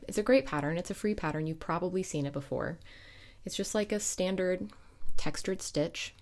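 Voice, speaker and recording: A woman's voice: low voice, a little mellow. A young adult woman hosting a knitting podcast, chatting casually and wandering off into side stories before correcting herself. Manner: chatty, digressive, self-correcting. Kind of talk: casual chat.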